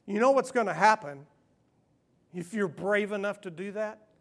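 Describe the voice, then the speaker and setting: An earnest male pastor delivering a sermon in a personal, conversational way. He pushes some phrases out loudly, then drops to a hushed near-whisper for the tender parts. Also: high voice, expressive, normal speed.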